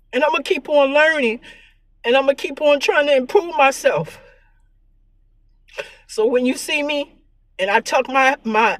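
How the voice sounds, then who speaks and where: A woman vlogger with a high voice speaks in an earnest, preachy monologue and repeats her points. She sounds tearful, and the recording is close and dry with no room sound. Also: no room sound. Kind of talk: emotional spiritual vlog monologue.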